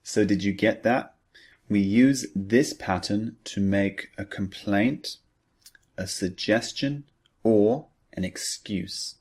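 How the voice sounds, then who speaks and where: A man teaching an English lesson, explaining patiently in a measured way and asking the listener rhetorical questions. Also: lowish voice, darkish tone.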